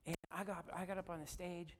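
A man preaching a sermon. He tells a story with energy and builds to loud, fervent preaching. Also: high voice, little pitch movement, a little fast. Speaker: pastor.

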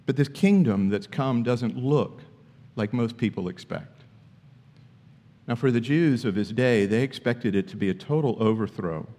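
A man preaching a sermon as pastor, emphatic, with high-pitched bursts when acting out questions. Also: moderate pace, mellow, big-room sound.

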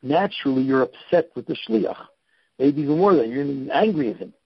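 A man's voice: mid-range voice, expressive, a little fast, gravelly, husky, dry recording, highs cut off. A man giving emphatic, instructive advice as a guest in an interview, repeating his key points. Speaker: guest, time management coach. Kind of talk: podcast interview.

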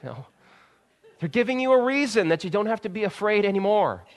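A man in his thirties, a pastor, preaching a sermon in an earnest way, dropping soft and slow, then rising to loud emphatic bursts. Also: high voice, very animated.

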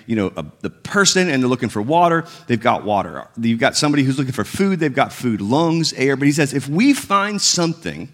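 A man's voice: mid-range voice, a bit bright. A man preaching a sermon in a casual, conversational way, acting out the voices of the story as he goes. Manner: conversational, acts out biblical dialogue with shifting tones. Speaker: pastor.

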